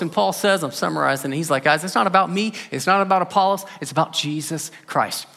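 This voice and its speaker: Bright-voiced preacher in an echoey hall. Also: male voice, high voice, expressive, fairly quick, vocal fry. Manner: conversational storytelling preaching, rising with emphasis. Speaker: pastor. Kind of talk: sermon.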